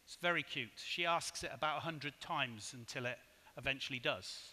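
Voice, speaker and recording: A man giving a conference keynote in a hotel hall, measured and asking the audience rhetorical questions. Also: medium pitch, bright, forceful tone. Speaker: conference speaker. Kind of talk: keynote presentation. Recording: hall reverb.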